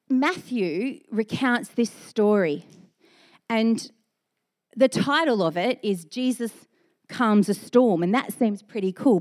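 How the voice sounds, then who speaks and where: A woman pastor giving a sermon, telling stories with self-mocking humor and animated asides. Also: fairly high pitch.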